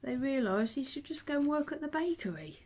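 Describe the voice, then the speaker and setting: Woman, vlogger, chatty storyteller, fairly high voice. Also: big pitch swings, brisk, a little mellow, slight background noise. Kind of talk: casual chat to camera.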